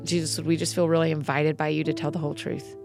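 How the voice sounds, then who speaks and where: Lowish-voiced woman reading scripture and praying. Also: fast talker, gravelly, over music. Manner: expressive reading, then soft informal prayer. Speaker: Bible reading podcast host. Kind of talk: scripture reading and spoken prayer.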